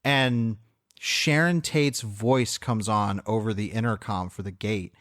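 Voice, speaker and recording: A man's voice: on the low side, takes it slowly, fairly bright tone, no echo, studio quality. A man co-hosting a film podcast, eagerly retelling scenes with frequent laughter. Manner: enthusiastic retelling, laughs often. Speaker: podcast co-host. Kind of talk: casual film discussion.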